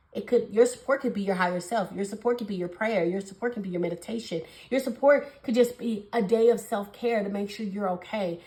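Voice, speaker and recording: A young woman doing a casual tarot reading for her viewers, talking fast in a gushing, affectionate way and calling them honey and babies. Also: mid-range voice, a little mellow, roomy sound, poor audio. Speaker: tarot reader.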